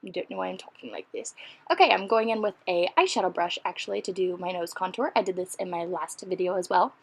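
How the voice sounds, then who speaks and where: A woman's voice: lowish voice, fast, vocal fry, husky. A woman narrating a casual makeup tutorial in a chatty, self-deprecating way, full of rambling asides. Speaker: beauty vlogger.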